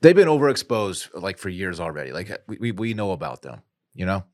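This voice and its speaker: A man's voice: low-pitched, very animated, brisk, a little mellow, no room sound, studio quality. A man co-hosting a sports podcast, laid-back and wry. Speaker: podcast co-host. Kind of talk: casual sports chat.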